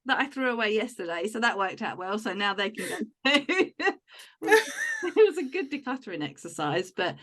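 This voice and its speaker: A woman hosts a relaxed podcast conversation in a mid-range voice. She is chatty and tells long, wandering stories about her household, with plenty of filler words. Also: medium pitch, moderate pace. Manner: chatty, tells rambling home anecdotes. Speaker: podcast host. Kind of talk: casual chat.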